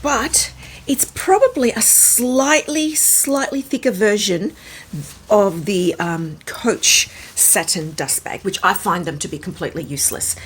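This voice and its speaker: A woman with a raspy, hoarse voice from a starting cold, chatting casually and musing aloud as she reviews a handbag. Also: medium pitch, measured pace. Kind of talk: casual vlog chat.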